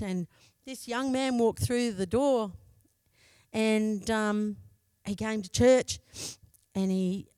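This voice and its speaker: A woman's voice: mid-range voice, darkish tone, dry recording. A middle-aged Australian woman, a pastor's wife, telling a candid personal story in a sermon.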